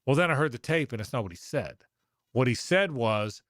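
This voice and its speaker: A man's voice: medium pitch, lively intonation, fairly quick, a bit bright, no room sound, clean studio sound. A middle-aged man hosting sports talk radio, telling a long anecdote that rambles and corrects itself along the way. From Jacksonville, Florida. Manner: rambling, self-correcting anecdotes with quoted voices.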